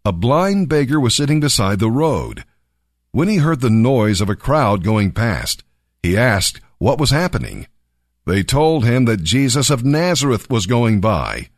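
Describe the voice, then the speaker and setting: A man reading scripture and giving devotional commentary in an earnest, expressive way. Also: medium pitch, dry recording, studio quality. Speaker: Bible reader and devotional speaker.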